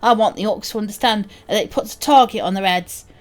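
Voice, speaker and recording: Woman doing a high-pitched, vengeful fantasy warrior. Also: lightly acted. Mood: emphatic. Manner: put-on accent, high, slow and emphatic. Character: vengeful stout warrior of a dwarf-like folk.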